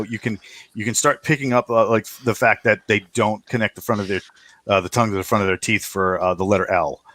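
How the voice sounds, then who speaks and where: A podcast host chats casually, rambling with lots of fillers and restarts. His voice is fairly low and a bit bright, and the recording has no echo.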